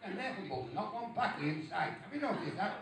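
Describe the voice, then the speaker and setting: A man's voice: high voice, lively intonation, fast. A man from England doing crude stand-up, roasting the crowd with swearing and insults. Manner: brash, swearing, insulting the audience. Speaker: stand-up comedian. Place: bar show stage. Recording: distant, echoey and noisy club recording.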